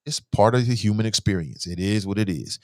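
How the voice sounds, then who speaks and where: A man with a low, darkish voice speaks fairly quickly on his call-in talk show, in a clean studio recording free of room sound. He has kids, and his commentary is casual and opinionated, blunt, slangy, and profane, including listener messages he reads aloud.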